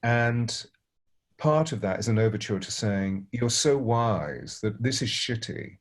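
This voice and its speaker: A middle-aged man, a spiritual teacher, telling a story gently and unhurriedly, pausing and restarting often. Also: on the low side, expressive. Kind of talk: reflective storytelling.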